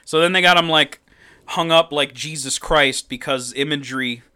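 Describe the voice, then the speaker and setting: A man's voice: fairly high pitch, normal speed, bright, forceful tone, clear, resonant tone. A man co-hosting a casual movie-review podcast, sarcastic and swearing freely as he recaps scenes. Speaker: podcast co-host.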